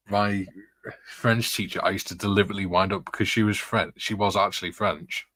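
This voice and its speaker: Guy on a stream, deep voice, chuckles through his stories, dry close sound. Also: steady tone, moderate pace, a bit bright, no echo. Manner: rambling anecdotes with frequent chuckles. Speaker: streamer reading chat. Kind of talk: casual live-stream chat. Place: indoor room with curtains closed.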